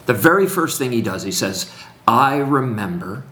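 A man's voice: mid-range voice, big pitch swings, normal speed, pushed and bright. A man speaking in a teaching conversation with emphatic, preacherly build-ups and repetition. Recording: roomy echo.

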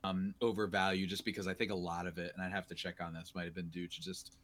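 Male co-host, lowish voice, relaxed and analytical. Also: fast talker. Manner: laid-back, analytical, laughs easily. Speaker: podcast co-host. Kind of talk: casual sports podcast chat.

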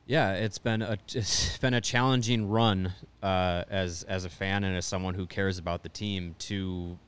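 Male co-host, low clear voice, measured and halting. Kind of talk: casual sports talk show chat.

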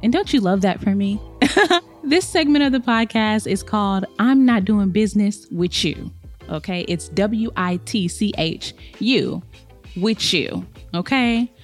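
A woman's voice: medium pitch, lively intonation, unhurried, faint music behind. A young woman hosting her own podcast in a sassy, emphatic monologue, calling listeners honey and babe. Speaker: podcast host. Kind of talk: casual solo podcast monologue.

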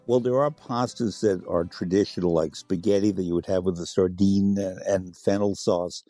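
A man's voice: deep voice, steady tone, normal speed, warm tone, no echo, soft background music. A middle-aged man, a food expert guest in a radio interview, who talks animatedly, relishes words and spells out the names of dishes. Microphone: studio microphone.

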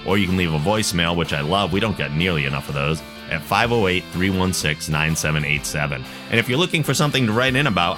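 A man hosting a podcast in casual chat, talking in a relaxed, chatty way and reading out plugs and contact details. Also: deep voice. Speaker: podcast host.

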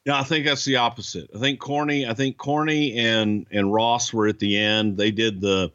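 A man's voice: mid-range voice, steady tone, moderate pace, a bit bright, dry recording. Guy on a podcast, blunt and cussing, lots of uh's, kinda muffled dry mic. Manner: blunt, swears freely, frequent fillers and restarts. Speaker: podcast co-host, wrestling insider. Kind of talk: casual podcast chat.

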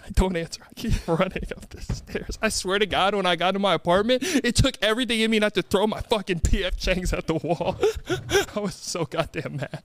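A young man on a podcast telling an animated, sweary story, acting out quotes and laughing often. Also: high-pitched, brisk, dry recording. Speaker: podcast co-host. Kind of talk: casual storytelling chat.

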